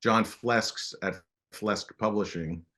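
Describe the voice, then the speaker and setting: A middle-aged man telling stories as a guest in a casual interview, animated and halting with frequent restarts. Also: lowish voice. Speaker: guest artist.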